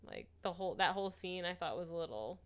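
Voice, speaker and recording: A woman co-hosting a podcast in casual chat, blunt and chatty, quick to laugh. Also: lowish voice, animated. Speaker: podcast co-host.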